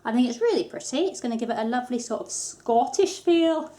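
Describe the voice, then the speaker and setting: A soap maker from England hosts a craft tutorial in a dark-toned voice on the high side, animated and a little fast. Her chatty, casual style includes light self-deprecating humour.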